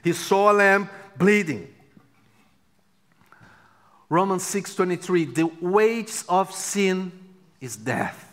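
Slow, high-voiced man preaching in a hall. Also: expressive. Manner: dramatic swings between loud exclamations and near-whispers. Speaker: pastor. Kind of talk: sermon. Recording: long hall reverb.

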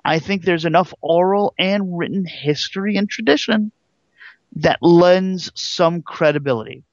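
A man's voice: sits high, measured pace, dry recording, highs cut off. Earnest rambling male co-host. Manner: rambling, earnest, full of restarts. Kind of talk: casual radio-style call-in chat.

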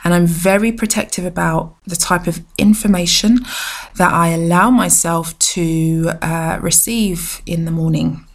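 A woman hosts her own podcast in a loose, reflective monologue. Her voice sits on the low side and has a gravelly, creaky texture. She rambles with fillers and restarts as she talks. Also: steady tone, unhurried. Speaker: podcast host. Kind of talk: casual solo podcast monologue.

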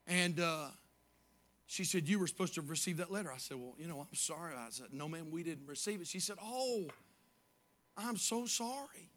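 High, bright-voiced preacher. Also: male voice, animated, moderate pace. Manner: swings from quiet storytelling to shouted praise. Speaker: pastor. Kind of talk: sermon.

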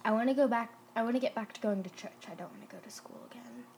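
A daughter chatting playfully with her family, sometimes dropping into a soft half-whisper. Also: on the high side, quick pace. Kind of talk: casual family chat. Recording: noisy home recording.

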